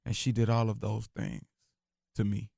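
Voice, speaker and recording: A man's voice: lowish voice, sing-song, moderate pace, gravelly, mellow, no echo, clean studio sound. A man, a rapper being interviewed on the radio, talking in an emphatic, philosophical way and repeating himself for stress. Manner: emphatic, philosophical, repeats phrases like "you hear me". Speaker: rapper guest. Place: radio studio. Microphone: studio microphone.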